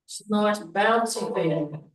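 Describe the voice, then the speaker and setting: Woman teaching tai chi, slow easy talk, echoey room, mic kinda far away. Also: mid-range voice. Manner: calm breathing cues mixed with chatty asides. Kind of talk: leading a beginners' qigong class.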